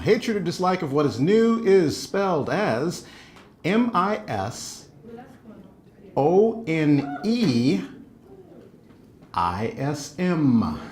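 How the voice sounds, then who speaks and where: A man's voice: fairly high pitch, a little mellow. A British man reading out spelling bee words and definitions, joking about his own accent. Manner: joking, self-deprecating, apologetic. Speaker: spelling bee word reader. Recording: noisy crowd in background.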